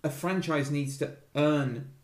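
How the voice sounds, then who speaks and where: A man in his thirties hosting a casual film podcast, joking and teasing between opinions. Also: a little high. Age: 30s. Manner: wry, teasing, quick asides. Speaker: podcast host. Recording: roomy echo.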